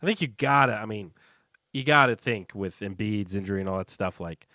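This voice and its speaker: A man's voice: lowish voice, a little fast, sharp tone, dry recording, studio quality. Laid-back man co-hosting a sports chat. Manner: jokey, laughs often, self-deprecating. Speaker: podcast co-host.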